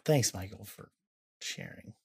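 A man co-hosting a podcast, chatting casually as he reacts to songs, alternating between excitable swearing and hesitant trailing off. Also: fairly low pitch, a little slow, vocal fry, breathy edge. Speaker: podcast co-host. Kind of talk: casual music-reaction chat. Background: faint music playing.

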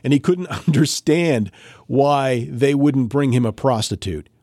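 A man's voice: mid-range voice, a little slow, no echo, clean studio sound. A man co-hosting a podcast, telling a story in casual chat and acting out the quotes. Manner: animated, acts out quoted voices. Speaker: podcast co-host.

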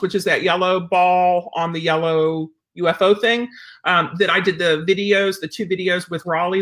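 Bright-voiced chatty woman dog trainer. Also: lowish voice. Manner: rambling, chatty, many fillers. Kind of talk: casual chat to viewers.

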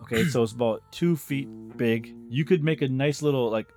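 A man's voice: mid-range voice, moderate pace, a little mellow. Young man, podcast co-host, casual banter, slangy, easygoing, faint music behind. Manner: laid-back, laughs often, slangy. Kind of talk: casual joking chat.

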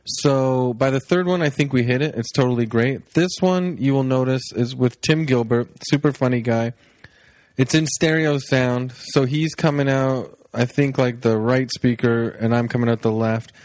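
A man hosting a casual podcast, his voice sleepy and unhurried as he wanders between thoughts with plenty of ums. He sits at a middling pitch and is recorded dry and close, with no room echo. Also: a little mellow. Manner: sleepy-sounding, laid-back, rambling with fillers. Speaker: podcast host. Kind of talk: casual rambling podcast intro. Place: home, on his couch.

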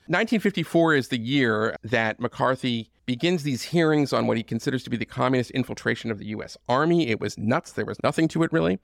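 A man with a gravelly, creaky voice tells history in a loose, conversational way, stacking asides and casual fillers. His pitch sits in the middle for a man. The sound is close and dry, with no room echo. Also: a bit bright. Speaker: podcast host. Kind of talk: history podcast monologue.

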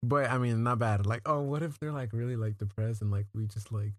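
A man's voice: medium pitch, fairly even intonation, a little fast, no room sound. A young man guesting on a podcast in casual chat, joking and giving short agreeing replies.

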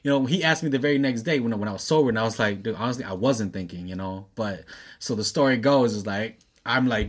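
A man's voice: fairly low pitch, quick pace. A man in his twenties telling a wild story in casual chat, laughing often and swearing freely. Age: 20s. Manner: laughs often, animated when quoting, profane.

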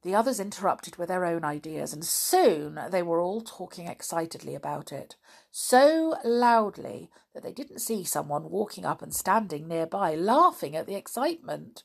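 A woman reading a children's storybook aloud in an expressive way. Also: on the low side, moderate pace, creaky.

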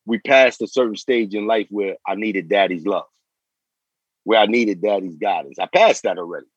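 Husky man in his forties, street talk. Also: lowish voice, normal speed, no echo, lo-fi sound. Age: 40s. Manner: profane street slang, repeats and restarts phrases. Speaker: guest. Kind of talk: casual interview storytelling.

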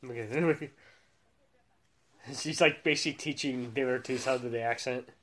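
A man's voice: medium pitch, steady tone, moderate pace, a bit bright. A man hosting a laid-back chat about commercials, with loose, trailing sentences. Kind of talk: casual chat reviewing ads.

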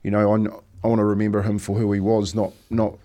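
A New Zealand man, a former rugby teammate appearing as a podcast guest, chats casually in a reflective, halting manner. He says "mate" a lot and laughs through his stories, his voice fairly low, monotone and warm.

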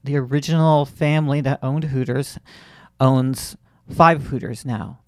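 A man's voice: mid-range voice, fairly even intonation, measured pace, dry recording. A man from Florida hosts a comedy podcast in a loose, rambling way, full of fillers and dry asides. His voice sits mid-range and is recorded close and dry. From Central Florida. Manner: chatty, wry, frequent fillers and restarts. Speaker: podcast host. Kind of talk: casual comedic chat.

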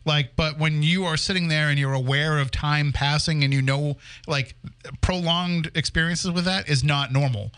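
A man's voice: on the high side, steady tone, normal speed, a bit bright, clear, resonant tone. Curious man podcast host. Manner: curious, follows up with questions. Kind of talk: live podcast interview.

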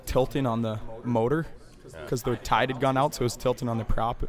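Casual male storyteller in his twenties, mid-pitched, laid-back and laughing. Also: fairly even intonation, fairly quick. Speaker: guest telling a story.

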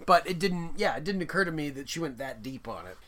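Bright-voiced joking podcast man. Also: fairly high pitch, lively intonation, fast. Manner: joking, sarcastic, swears freely. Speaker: podcast co-host. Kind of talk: casual film-discussion chat.

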